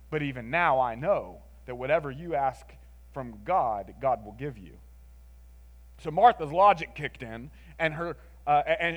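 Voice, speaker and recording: A man preaching a sermon in an expressive, conversational way, moving between emphatic lines and hushed ones and often adding "like" and "right?". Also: fairly high pitch.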